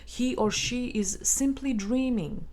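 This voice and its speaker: Calm woman reading self-help guidance. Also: fairly high pitch. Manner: calm, measured, gently instructive. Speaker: audiobook narrator. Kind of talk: scripted self-help narration.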